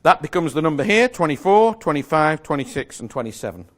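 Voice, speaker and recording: A man's voice: a little high, sing-song, fairly quick. A man giving a live magic lecture to an audience, explaining step by step in a chatty, self-correcting way with small jokes.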